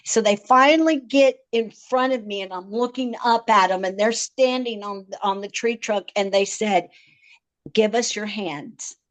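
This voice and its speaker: A woman's voice: medium pitch, moderate pace, hardly any pauses. A woman, a podcast guest, vividly recounting a frightening personal story, often stammering and repeating words.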